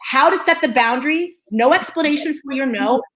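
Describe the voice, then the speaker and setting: In a low-quality recording, a woman psychologist with a voice that sits high talks fairly quickly while hosting a talk. She teaches energetically and animatedly, repeating key phrases and often asking "okay?".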